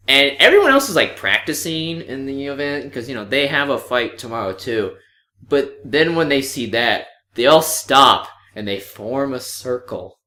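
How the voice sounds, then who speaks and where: A man co-hosting a podcast, chatting casually about a movie, animated and swearing freely. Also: medium pitch, roomy sound. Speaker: podcast co-host. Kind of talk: casual movie review chat.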